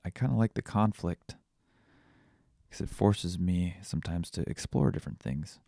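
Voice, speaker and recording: A man hosting a podcast, thinking out loud in a casual reflective monologue, searching for words with frequent restarts. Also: low voice, dry recording, clean studio sound. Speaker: podcast host.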